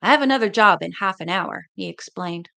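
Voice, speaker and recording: A woman's voice: mid-range voice, lively intonation, quick pace, vocal fry, sharp tone. A woman reading a mystery novel aloud, with chatty asides between passages. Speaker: reader.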